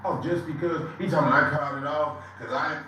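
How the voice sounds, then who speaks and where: A man on a livestream, loudly and mockingly ranting. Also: a little high, quick pace, background noise. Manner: loud, animated, mocking. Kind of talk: casual livestream banter. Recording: very echoey, far from the mic.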